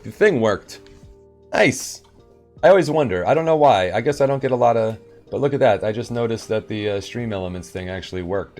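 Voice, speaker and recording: A man live-streaming and chatting casually with viewers, rambling and upbeat in his morning voice. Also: deep voice. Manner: rambling and upbeat, with sudden loud bursts.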